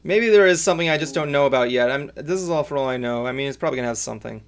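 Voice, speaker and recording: A man's voice: medium pitch, very fast. A man hosting a casual chat show, rambling with lots of fillers and restarts. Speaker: podcast host.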